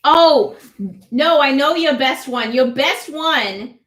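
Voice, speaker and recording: A woman's voice: sits high, slow pace, a bit bright. A woman co-hosting a drinks tasting, chatting casually and teasing her partner. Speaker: co-host.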